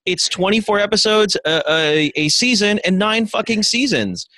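A man's voice: high-pitched, animated, normal speed, sharp tone, no room sound. A man co-hosting a podcast, cracking profane jokes and laughing through casual banter. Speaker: podcast co-host.

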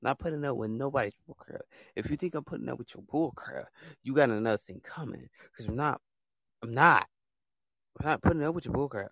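A man's voice: medium pitch, a little fast, gravelly, a bit bright, no echo, clean studio sound. A man hosting his own podcast, delivering a blunt, fed-up rant full of repetition and casual slang. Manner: fed-up, blunt, repeats himself. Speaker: podcast host. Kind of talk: ranting monologue.

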